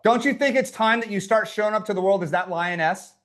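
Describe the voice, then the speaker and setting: A man's voice: sits high, quick pace, fairly bright tone. A man coaching a live online workshop, fired-up and pushy, who swears casually as he urges people on. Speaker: business coach running a workshop.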